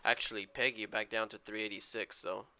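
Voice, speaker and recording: Streaming his trades in real time, a man offers viewers a running play-by-play, eagerly urging the price moves on. His fairly low voice keeps a level tone at a fairly quick pace, pushed, bright, and smooth.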